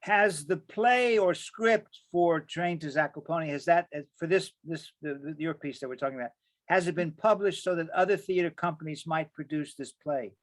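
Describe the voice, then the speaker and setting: A man with a notably high voice moderates a live Q&A over a video call. He reads out audience questions and drops in playful, joking remarks between them. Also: normal speed. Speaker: host.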